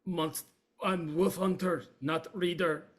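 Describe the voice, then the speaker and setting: A man's voice: on the high side, steady tone, takes it slowly, pitched above the performer's own voice. A man voicing a blunt male wolf hunter who speaks in short, broken phrases. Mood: grumpy. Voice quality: broken, clipped speech.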